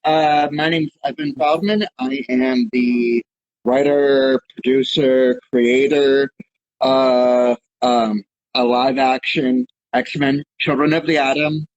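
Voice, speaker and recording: Unhurried, halting male producer, dry close mic. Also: mid-range voice, steady tone, no echo, lo-fi sound. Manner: hesitant, full of fillers. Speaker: writer-producer of fan series. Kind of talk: casual video call interview.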